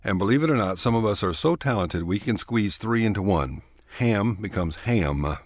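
A man's voice: fairly low pitch, lively intonation, a little fast, dry recording. A man with a Texan accent reading a scripted spoken essay in a folksy manner with dry humor, stretching his vowels. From Texas.

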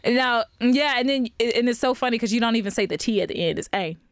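A young woman with an East Texas accent co-hosting a podcast, casual, teasing and quick to laugh. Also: a little high, no echo, studio quality. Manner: playful, teasing, laughs often. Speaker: podcast co-host. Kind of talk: casual chat.

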